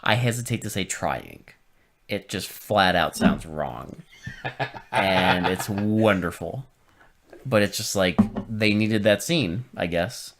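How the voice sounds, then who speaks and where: A man co-hosting a podcast in casual chat, animated and finishing his co-host's sentences. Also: sits low, slow pace, a crowd in the background. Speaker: podcast co-host.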